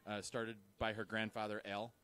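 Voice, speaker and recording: A man from a bakery being interviewed live, giving brisk, matter-of-fact answers. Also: lowish voice, little pitch movement, fairly bright tone, smooth.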